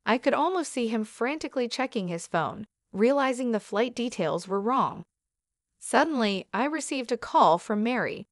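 A woman narrating a first-person story in a calm, measured way. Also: fairly high pitch, no room sound, studio quality.

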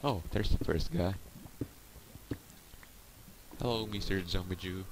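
A man's voice: fairly low pitch, lively intonation, takes it slowly. A man giving casual gameplay commentary, chatting to the monsters on screen, swearing freely and sometimes dropping to a murmur. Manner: chats to game monsters, swears, drops to a murmur. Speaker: Let's Play host. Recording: clear background noise.

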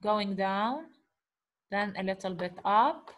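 A woman's voice: mid-range voice, expressive, takes it slowly. A woman teaching a beginners' lesson on letters, patiently sounding out syllables and asking the class questions. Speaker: Arabic teacher.

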